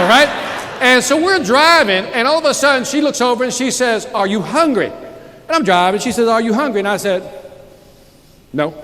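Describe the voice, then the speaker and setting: High, bright-voiced male sales speaker. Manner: lively, joking, calls out to the audience. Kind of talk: energetic keynote speech with storytelling. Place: conference hall before a live audience. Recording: echoey hall, audience, faint background noise.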